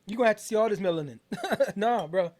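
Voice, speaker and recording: A middle-aged American man from the United States hosts a casual album review podcast, rambling loosely with many fillers and restarts. His voice is high-pitched with a darkish tone, and he speaks at a quick pace.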